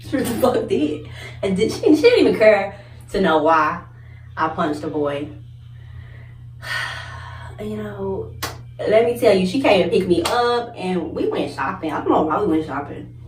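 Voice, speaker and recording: A young woman vlogger telling a story in casual chat, animated, cursing and acting out the people in it. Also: fairly low pitch, measured pace, long pauses, slight background noise. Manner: animated, swearing, laughing, acts out others' voices. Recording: echoey room, mic at a distance.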